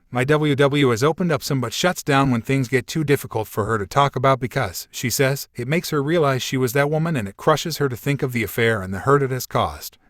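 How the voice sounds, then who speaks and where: A man reading online posts aloud as scripted narration, in a steady, even delivery. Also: medium pitch, no room sound, clean studio sound. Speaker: story narrator.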